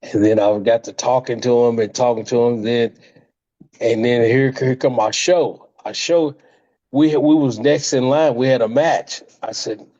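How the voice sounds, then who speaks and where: An older man, a retired wrestler, telling animated stories in an interview, with frequent laughs and restarts. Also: mid-range voice, unhurried. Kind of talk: storytelling interview. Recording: slightly muffled lo-fi audio.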